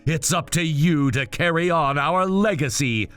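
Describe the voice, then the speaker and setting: A man voicing a gentle, resigned male swordsman speaking softly and slowly. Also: on the high side, smooth, faint music behind. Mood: tender.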